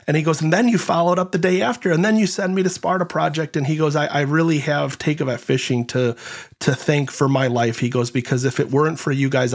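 A man hosting an interview, retelling a veteran's story at length with quoted lines and frequent fillers. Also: medium pitch. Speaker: host and nonprofit organizer.

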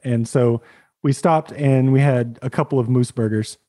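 A man, a podcast host, telling a lively anecdote in casual chat. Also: medium pitch, normal speed. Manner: animated anecdote telling with laughs.

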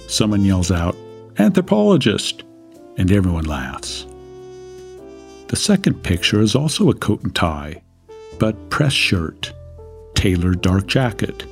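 Deep-voiced man narrating a lecture. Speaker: business school lecturer.

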